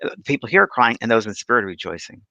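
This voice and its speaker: Animated gravelly man telling stories. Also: on the low side, rapid-fire, no room sound. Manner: animated storyteller, acts out voices. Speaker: spiritual medium. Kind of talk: casual chat.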